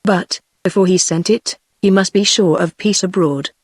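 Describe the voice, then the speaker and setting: A text-to-speech woman's voice with a British accent, reading a historical novel in an even, steady delivery. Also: lowish voice, normal speed, slightly rough, dry recording. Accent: British English. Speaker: audiobook narrator. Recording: dry synthetic voice.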